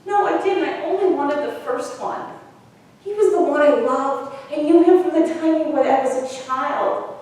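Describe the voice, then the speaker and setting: Woman pastor doing a tired, bold outcast woman at the well, upper midwest accent, kinda high voice, wry chatty storytelling, echoey church from far off. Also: a little slow, darkish tone. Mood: aggrieved. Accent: Upper Midwest American. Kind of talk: first-person dramatic monologue in a sermon.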